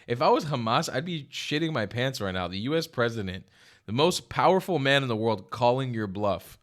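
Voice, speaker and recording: A man hosting a reaction vlog, talking bluntly with lots of swearing and emphasis, swinging from loud outbursts to quiet asides. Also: medium pitch, very animated, fairly quick. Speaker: reaction video host. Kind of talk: casual opinionated commentary. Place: lives in Israel.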